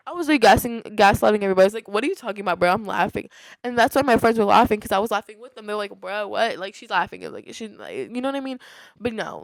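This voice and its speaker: A woman's voice: medium pitch, smooth, no echo. A young woman in her late teens hosting a casual solo podcast, rambling through a story with many restarts and "like" fillers. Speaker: podcast host.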